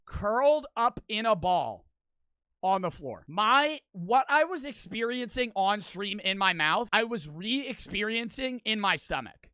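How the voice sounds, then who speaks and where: High, bright-voiced young man ranting. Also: a little slow, clean tone, no echo, soft background music. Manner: animated, profane, repetitive storytelling. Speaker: streamer. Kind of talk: casual storytelling.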